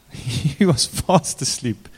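A man's voice: on the high side, animated, extremely slow, slightly rough. A man preaching a sermon in an informal way, turning to the congregation with direct questions. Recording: long reverb of a large hall.

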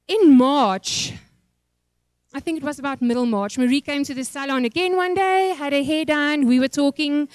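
A woman's voice: high voice, clear, resonant tone, dry recording. A woman, a pastor's wife, telling an emotional, rambling church testimony. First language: Afrikaans.

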